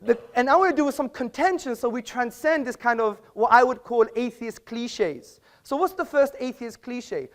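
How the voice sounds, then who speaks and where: A man's voice: very high voice, animated, moderate pace, few pauses, fairly bright tone. A man giving a formal debate speech in an auditorium, lecturing and argumentative, with rhetorical questions.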